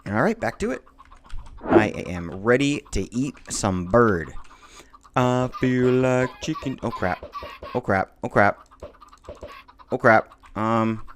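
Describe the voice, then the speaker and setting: A man's voice: lowish voice, very animated, takes it slowly, pauses often, slight background noise. A man casually talking through a video game build for his viewers, rambling with many fillers and restarts. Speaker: Minecraft let's-play host. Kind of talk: casual gameplay commentary.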